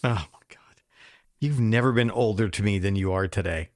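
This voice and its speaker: A man's voice: lowish voice, normal speed, no room sound, studio quality. A man hosting a podcast in casual chat, wry and joking. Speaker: podcast host.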